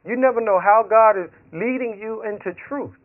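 A man's voice: high-pitched, moderate pace. A man preaching a sermon, telling stories with acted quotes, laughing along as he goes. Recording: tinny phone-like radio sound.

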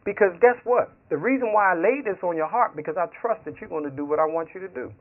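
A man preaching a sermon in a slightly high voice, moving from Bible reading into stories full of acted-out quotes. The sound is thin and tinny, as if carried over a phone line. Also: lively intonation, quick pace. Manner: storytelling with acted quotes and laughter.

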